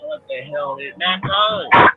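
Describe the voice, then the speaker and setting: A man's voice: sits high, huge pitch swings, a little slow, narrow, tinny audio, over loud music. A man with a Californian accent ranting angrily about football on a fan panel show, swearing constantly and restarting his sentences. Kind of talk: heated profane sports rant.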